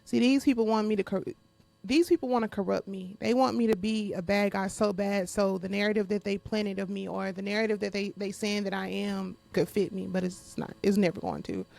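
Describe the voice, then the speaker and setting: A woman's voice: medium pitch, steady tone, fairly quick, gravelly, mellow. A woman hosting her podcast in a casual monologue. She talks bluntly with lots of profanity, speaks straight to her listeners and often laughs while venting. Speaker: podcast host.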